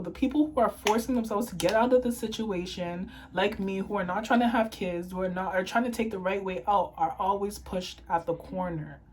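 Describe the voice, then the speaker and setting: A woman's voice: mid-range voice, a little mellow, slightly rough, rough recording. Young woman vlogging, teary and fired up, ranting hard and cursing. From Toronto, Canada. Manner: impassioned, ranting, swearing. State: tearful. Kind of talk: emotional to-camera monologue.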